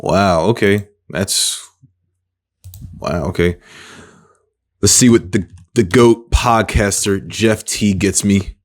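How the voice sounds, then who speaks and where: A man talking casually to himself while playing a sports trivia game, thinking aloud, mocking his own mistakes and breaking into excited exclamations. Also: lowish voice, slow pace, pauses often. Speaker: gaming creator. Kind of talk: casual gameplay commentary.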